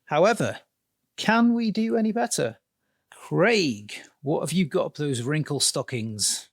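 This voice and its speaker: A man's voice: a little high, animated, unhurried. A man hosting a comedy podcast, introducing segments with wry chat. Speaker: podcast host.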